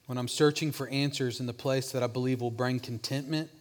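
A man's voice: medium pitch, fairly even intonation, brisk. Man preaching a sermon. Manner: preaching with restarts, drops softer when voicing Jesus' question. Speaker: pastor.

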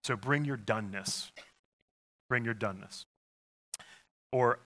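A man's voice: medium pitch, takes it slowly, bright, forceful tone. A middle-aged man preaching a sermon to his congregation, using call-and-response and voicing Jesus' replies. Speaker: pastor.

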